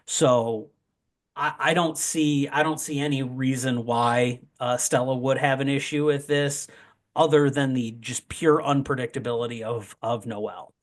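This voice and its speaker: A young man in casual conversation, drifting into rambling asides and quick jokes. His pitch sits in an ordinary middle range, and his talk is loose and full of fillers. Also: fairly even intonation. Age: young adult. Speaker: wrestling promoter guest. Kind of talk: casual podcast chat.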